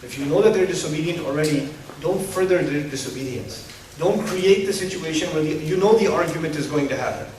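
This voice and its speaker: Speaking fairly quickly in a fairly high voice, a man gives an animated, humorous Islamic lecture packed with rhetorical questions to a live audience. The mic is distant and the hall echoes strongly, with a faint room hum underneath.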